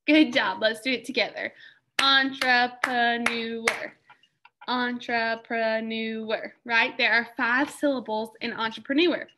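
A young woman teaching a recorded phonics lesson to children, encouraging and pronouncing words slowly and carefully. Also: fairly high pitch, noisy background.

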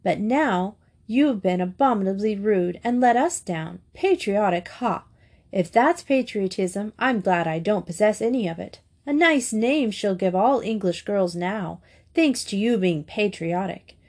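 A woman voicing a sensible, sharp-tongued English schoolgirl who scolds heatedly. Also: medium pitch, animated, slow pace. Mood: scolding.

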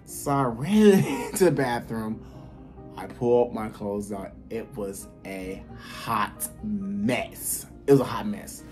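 A man telling a casual story to his viewers, animated and blunt, swearing freely and talking straight to them. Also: fairly low pitch, slow pace, faint music behind. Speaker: vlogger. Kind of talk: casual story time while eating.

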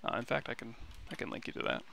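A man giving a relaxed, rambling livestream tutorial on software, with many fillers and restarts. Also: fast, slight background noise. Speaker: 3D sculpting instructor.

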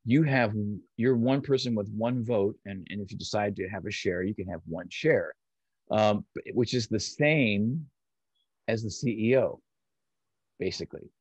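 A man's voice: fairly low pitch, normal speed, darkish tone, breathy edge, no echo. A man speaking as an interview guest, explaining ideas patiently and step by step in a conversational way. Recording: dry, slightly dull audio.

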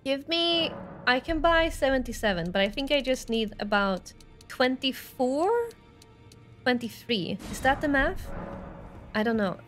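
A woman's voice: high-pitched, measured pace, faint music behind. A woman streaming a game live, chattering nervously and yelping when startled. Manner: excitable, jumps between nervous chatter and yelping. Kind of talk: live gameplay commentary.

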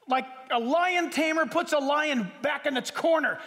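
Emphatic high-pitched male pastor preaching. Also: a bit bright. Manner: emphatic preacher with sudden pitch jumps and drawn-out words. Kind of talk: sermon. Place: church sanctuary. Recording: reverberant hall.

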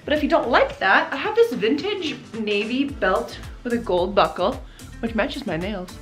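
A woman's voice: fairly high pitch, lively intonation, normal speed. A woman in her thirties chatting casually about clothes in a bubbly way, laughing often. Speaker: fashion vlogger. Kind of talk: casual try-on haul chat. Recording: echoey room, faint background music.

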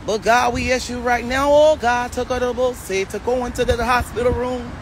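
A woman preacher on a live stream, praying in a slow chant and breaking into speaking in tongues. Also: fairly high pitch, steady tone, noisy background. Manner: slow, chanting, repetitive prayer with bursts of tongues. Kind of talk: livestream prayer and speaking in tongues.

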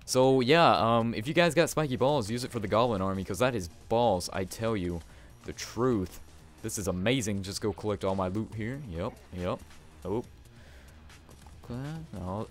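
A young man giving let's play commentary, talking to his viewers and swinging between excited outbursts and deflated mutters. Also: fairly low pitch, moderate pace, faint music behind. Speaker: gameplay commentator.

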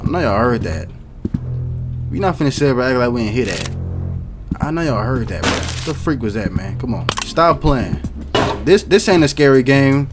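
Playing a horror game with music in the background, a young male YouTuber keeps up slangy, casual commentary at a moderate pace. His medium-pitched voice is very animated, and he mutters to himself, jumps easily and lets out startled shouts.

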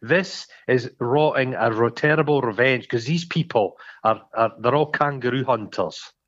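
On a dull, lo-fi recording, a man co-hosting a podcast talks loosely about a movie, cursing liberally and performing lines he quotes. He has a medium pitch, a fairly bright tone, and a moderate pace.

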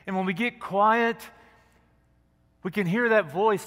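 A man preaching a sermon as pastor, earnest and gentle, dropping to a soft hush at quiet moments. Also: sits high, normal speed. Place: church sanctuary. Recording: long church hall reverb.

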